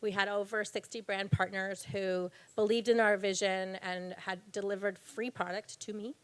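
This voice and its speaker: A woman in her thirties speaks to a live audience from a stage in a smooth, clear voice. She tells her story candidly and earnestly. She often pauses on fillers. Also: medium pitch, flat delivery. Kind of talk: personal talk to an audience. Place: event stage before an audience.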